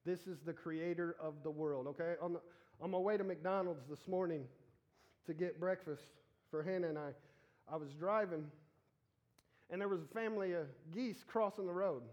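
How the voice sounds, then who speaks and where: A man preaching a casual sermon, animated and joking as he talks straight to the congregation. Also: fairly high pitch, moderate pace.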